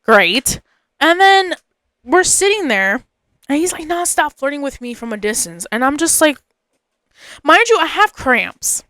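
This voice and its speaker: A woman's voice: high-pitched, big pitch swings, a little slow, bright, forceful tone, no room sound. A young woman hosting a podcast, telling a personal story in a chatty, rambling way, full of fillers and asides. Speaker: podcast host.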